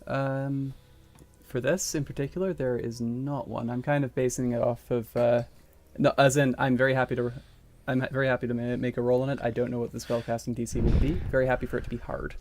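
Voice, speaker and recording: A man's voice: mid-range voice, level tone, brisk, a little mellow, slight background noise. A man playing a tabletop game, asking the game master politely and tentatively. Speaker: player.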